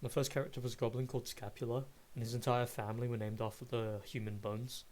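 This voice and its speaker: A man's voice: medium pitch, flat delivery, quick pace, a little mellow. A man chatting casually on a game-night call, cracking dry teasing jokes.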